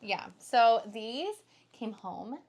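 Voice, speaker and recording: A woman's voice: on the high side, animated, extremely slow, a little mellow. Young woman rambling about her book haul, bubbly, says like a lot. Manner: bubbly, swears casually, lots of "like". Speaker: booktuber co-host. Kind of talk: casual chat.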